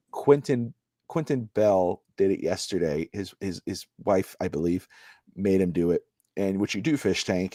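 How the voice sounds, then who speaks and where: A man's voice: deep voice, dark tone, dry recording. Male co-host, casual sports talk, rambling delivery, dry close mic. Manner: rambling, storytelling with repeated fillers. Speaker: podcast co-host. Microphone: live stream microphone.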